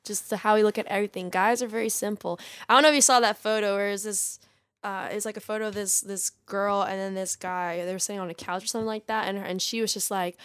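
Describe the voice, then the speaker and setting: A woman co-hosting a podcast in casual chat, speaking in a chill, monotone way. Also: medium pitch, fast, clear, resonant tone, no echo, studio quality. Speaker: podcast co-host.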